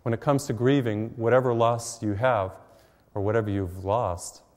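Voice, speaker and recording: Folksy priest preaching in a reverberant church. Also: male voice, fairly low pitch, steady tone, normal speed, a little mellow. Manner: conversational, folksy preaching with personal stories. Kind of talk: televised sermon. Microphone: mic while facing cameras.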